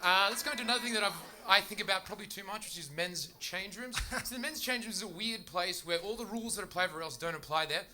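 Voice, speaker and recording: A young Australian man with an Australian accent works a comedy club stage with a handheld mic, his voice pitched high and very bright and forceful. He rattles through his stories in a quick, chatty stand-up delivery with bursts of laughter.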